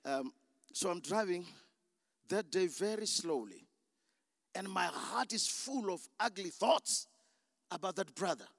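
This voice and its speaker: A high, gravelly male preacher tells his story with wild swings of pitch, acting out each voice in turn. His voice sits close and dry, and he leaps from low murmurs to full shouts. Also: lively intonation, a little slow, long pauses, no room sound. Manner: dramatic storytelling preacher, acts out dialogue, bursts into shouts. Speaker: pastor. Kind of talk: sermon.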